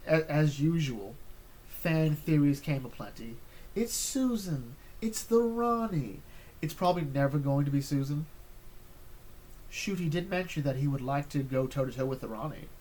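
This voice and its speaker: A man's voice: medium pitch, a little mellow. Rambling man reviewing an episode. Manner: rambling, full of fillers and restarts. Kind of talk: casual review chat.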